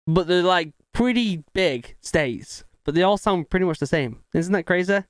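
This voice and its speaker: A man's voice: high-pitched, expressive, moderate pace, clear, resonant tone, dry recording. A young man hosting a reaction video, chatting casually and musing aloud with filler words.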